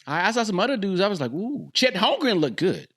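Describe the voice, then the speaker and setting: A man's voice: high voice, big pitch swings, fairly quick, fairly bright tone, slightly rough. A man hosting a podcast, talking through his views in a casual, joking way and repeating lines to drive a point home. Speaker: podcast host. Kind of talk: casual solo commentary.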